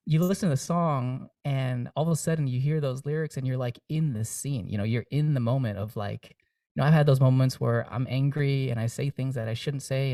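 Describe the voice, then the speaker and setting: A man's voice: mid-range voice, dark tone, dry recording, studio quality, recorded from a distance. A young man, a singer-songwriter guest, talking earnestly and reflectively in a casual interview, with many fillers and restarts.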